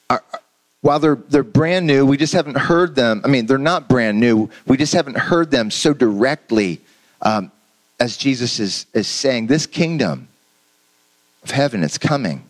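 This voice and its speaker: A man's voice: medium pitch, a little slow, poor audio. A man preaching a sermon in a conversational, earnest way, often restarting his phrases and asking the congregation questions. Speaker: pastor.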